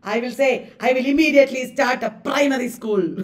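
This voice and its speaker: A woman with an Indian English accent teaches a live online exam-prep class, lively and quick to laugh, repeating words with exaggerated stress. Her voice is high and her pace measured, picked up by a distant mic.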